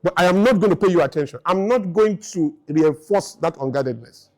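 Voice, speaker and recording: A man's voice: sits high, animated, a little fast. Emphatic man in his fifties. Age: 50s. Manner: emphatic, hammering rhetorical questions. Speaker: speaker. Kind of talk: motivational lecture to a live audience.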